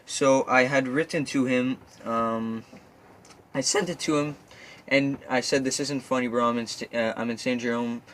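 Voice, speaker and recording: Young male vlogger, nervous and rambling, monotone delivery, faint hiss behind. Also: medium pitch, unhurried, poor audio. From Quebec, Canada. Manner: nervous, rambling, with frequent fillers and restarts. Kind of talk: casual vlog storytelling. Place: camper at night; outdoors.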